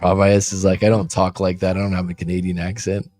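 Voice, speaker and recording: A man's voice: sits low, little pitch movement, fast talker, darkish tone, faint music behind. A man hosting a coaching show, chatting loosely on a livestream, joking and reading viewer comments aloud from a room abroad. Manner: rambling, jokey, reads chat aloud. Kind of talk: casual livestream chat. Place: room by street windows, abroad.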